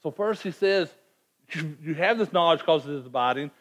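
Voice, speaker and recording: A man's voice: a little high, expressive, a little fast. Earnest, emphatic preacher man. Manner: earnest, emphatic, repeats words when stressing a point. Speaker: pastor. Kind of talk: sermon.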